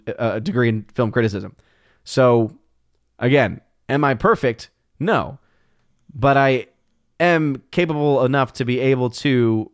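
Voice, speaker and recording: Reading viewers' comments out loud on a casual livestream, a man replies with amused, talkative asides. He speaks at a medium pitch with a clean tone, captured dry at studio quality.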